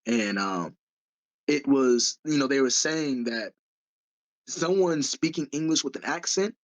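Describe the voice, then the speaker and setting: A man's voice: medium pitch, animated, unhurried. A man co-hosting a podcast in casual chat, eager and often stumbling over his restarts. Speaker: podcast co-host.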